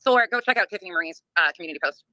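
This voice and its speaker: A woman's voice: lowish voice, animated, rapid-fire, bright, forceful tone, slight background noise. A woman hosting a livestream, ranting in a blunt, profane, laughing way while reading chat. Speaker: livestream host. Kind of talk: casual livestream rant.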